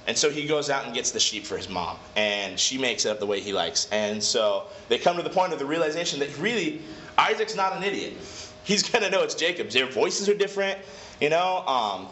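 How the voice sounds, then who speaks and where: A man's voice: a little high, bright, forceful tone, slight background noise. A man casually retelling a Bible story as a lesson leader. He is chatty, digresses, and corrects himself often. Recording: echoey room, slightly dull.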